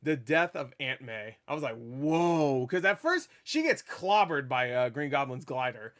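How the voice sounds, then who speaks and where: A man giving a casual spoiler review of a movie, rambling and excitable, swearing freely and stumbling over restarts. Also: mid-range voice, normal speed. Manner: rambling, profane, with stammered restarts; animated and excitable.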